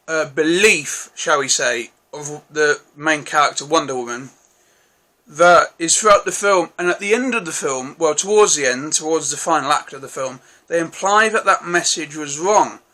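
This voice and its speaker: Bright-voiced man rambling a review. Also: fairly high pitch, moderate pace. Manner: rambling, hesitant, many restarts and self-corrections. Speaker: film reviewer, channel host. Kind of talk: casual solo film review.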